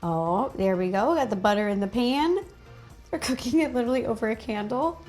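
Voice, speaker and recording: A bubbly woman with a high, bright voice reacts to clips at home, gushing over everything and gasping with delight. Soft music sits quietly behind her. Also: fairly quick. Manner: gushing and excitable, frequent gasps and delighted exclamations. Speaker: host reacting to videos. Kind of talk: casual reaction commentary.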